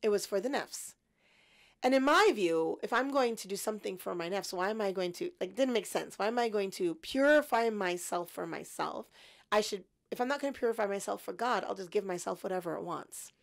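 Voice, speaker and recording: A woman in her fifties, a podcast guest, telling her story in an animated, self-mocking way. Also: medium pitch, brisk, creaky.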